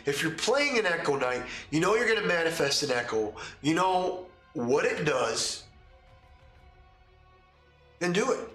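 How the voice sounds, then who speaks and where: A man's voice: fairly high pitch, pushed and bright, echoey room. A man hosting a casual talk show as a game master, speaking emphatically and repeating points through rhetorical questions. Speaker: podcast host and game master.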